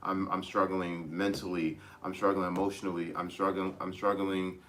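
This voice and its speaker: Man, tarot reader, casual reading, bright forceful voice, lowish pitch, rambling restarts. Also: little pitch movement, normal speed, a little hiss or hum. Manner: rambling, with many restarts and repeats; gently advising, speaking straight to listeners.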